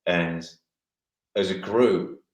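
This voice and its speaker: A man's voice: low-pitched, very slow. A middle-aged man, a former footballer, rambling through anecdotes in an interview with many restarts. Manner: rambling storyteller, many restarts and acted quotes. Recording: roomy echo.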